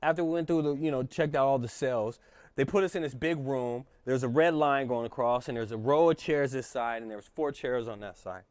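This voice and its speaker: A man telling a story as a podcast guest, animated and swearing freely in casual chat. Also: medium pitch, fairly quick, no echo.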